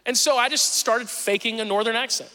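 A man in his thirties with a Southern accent, preaching a sermon and telling animated, self-deprecating stories from his own life. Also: very high-pitched, brisk, big-room sound. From Southern Missouri. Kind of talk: sermon with personal storytelling.

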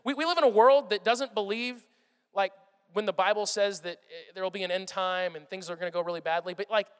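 High-voiced man preaching in a hall. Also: fairly quick, clear, resonant tone. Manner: animated storytelling, acts out voices, swings from loud to hushed. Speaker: pastor. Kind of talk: sermon. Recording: long reverb of a large hall.

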